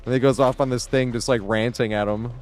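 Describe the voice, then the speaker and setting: A man chats on a live game stream in a loose, rambling way. He swears casually and laughs easily. His voice sits at an ordinary middle pitch. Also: steady tone, brisk, faint music behind. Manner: rambling, profane, chuckles often. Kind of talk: casual live-stream chat while gaming.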